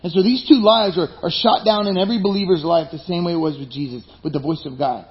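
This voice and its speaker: A man's voice: on the high side, quick pace. Guy preaching a sermon, chatty, keeps asking remember? right?, kinda muffled lo-fi audio. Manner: conversational preaching with rhetorical questions. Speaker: pastor. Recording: dull lo-fi sound.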